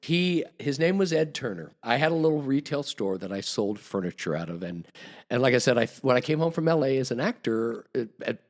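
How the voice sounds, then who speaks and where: A man's voice: mid-range voice, very animated, fairly quick. A man guest on a podcast, telling a long, rambling story with restarts and acted-out quotes. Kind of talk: casual storytelling.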